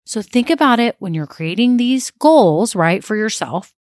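A woman in her thirties coaching small-business owners in a brisk, direct, chatty way, peppered with "like." Her voice sits at a middle pitch, and the recording is close and dry with no room sound. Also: animated, darkish tone, no room sound. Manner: direct, rapid, conversational, uses "like" often. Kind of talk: motivational talk to camera.

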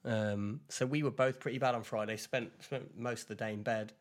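A man's voice: on the low side, fairly even intonation, moderate pace. A man, chatting casually as a podcast co-host, rambling with fillers and laughing at his own stories while getting over a flu. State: recovering from flu. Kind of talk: casual chat.

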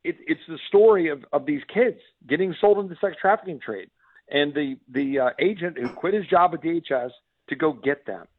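A man's voice: a little high, a little fast, dry recording. A congressman from Texas calling in to a radio interview, speaking in a fiery, emphatic way with frequent restarts. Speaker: congressman guest. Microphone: phone. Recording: tinny dry phone line.

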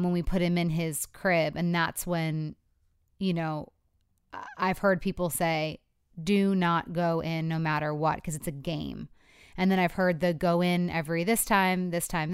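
A woman's voice: lowish voice, smooth, dry recording, clean studio sound. A mother describing her child's bedtime struggles, hesitant and full of fillers. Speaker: parent asking for advice. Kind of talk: casual conversation.

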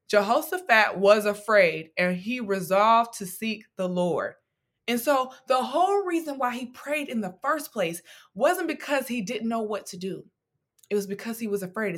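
A young woman with a medium-pitched voice hosts a devotional podcast. She teaches from scripture in a conversational, animated style, sprinkling in casual slang and playful asides.

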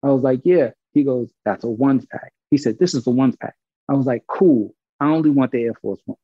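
A gravelly, husky man tells a story in a loose, animated way, doing the voices of everyone in it. The recording is dry and a bit dull, as if from a muffled close mic. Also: mid-range voice, fairly quick, no echo. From Brooklyn, New York. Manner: animated, acts out quoted dialogue, swears freely. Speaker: guest telling a story. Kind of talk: casual storytelling.

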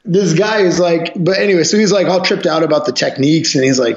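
A man, a martial arts instructor and podcast guest, telling gym stories in a profane, animated way. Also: a little high, fast talker. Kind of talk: casual podcast chat. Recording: roomy, dull lo-fi sound.

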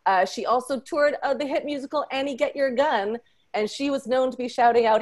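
A woman hosting a podcast, introducing a panel with effusive, excitable energy and playful teasing. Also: high-pitched, normal speed. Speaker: podcast host.

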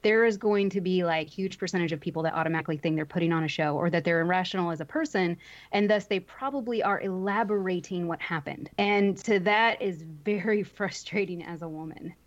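A woman's voice: fairly low pitch, fairly quick, muffled recording. A woman co-hosting a livestream, talking frankly and chattily, thinking aloud as she goes. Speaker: streamer, co-host. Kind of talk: casual chat on a livestream.

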